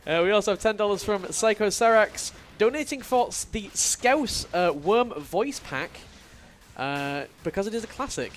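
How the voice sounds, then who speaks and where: Give me a man hosting a charity speedrun marathon, reading donations with a lively, high voice. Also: normal speed, a little hiss or hum. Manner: light, jokey reading of donation messages. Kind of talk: live marathon commentary.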